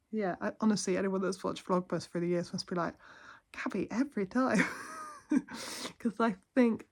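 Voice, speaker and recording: A woman chatting softly to camera in her lounge at night, heartfelt and rambling. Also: medium pitch, vocal fry. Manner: soft-spoken, heartfelt, rambling. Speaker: vlogger. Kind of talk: casual chat to camera.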